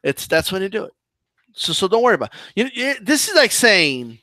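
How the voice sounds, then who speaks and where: A man's voice: sits high, brisk, no room sound. A man hosting a boxing live stream, ranting and mocking while reading chat. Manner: animated, mocking, combative rant with restarts. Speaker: boxing commentary channel host.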